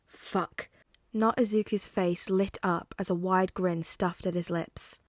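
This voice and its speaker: A woman's voice: on the low side, fairly even intonation, slow pace, no room sound. Woman reading fan fiction aloud, dry close sound. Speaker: podfic reader. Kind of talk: fan fiction audiobook narration.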